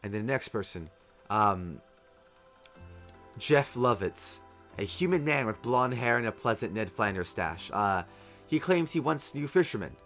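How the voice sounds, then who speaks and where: A man narrating as game master for a tabletop role-playing game, relaxed and full of filler words. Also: on the low side, a little slow, soft background music. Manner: relaxed narration with frequent ums.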